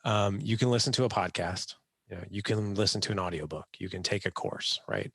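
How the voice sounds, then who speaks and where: A low, gravelly man chatting as an interview guest, close to the mic in a dry room. He tells stories with energy and lifts his voice to act out what others said. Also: fairly quick, no echo. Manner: animated storyteller, acts out quotes in raised voice. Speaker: podcast guest, dad coach. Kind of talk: casual interview chat.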